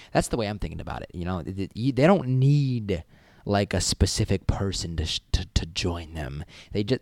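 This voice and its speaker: A young college student vlogger rambles casually to the camera in a monologue, swearing freely and doing little voices. His voice is fairly low, recorded dry with studio quality.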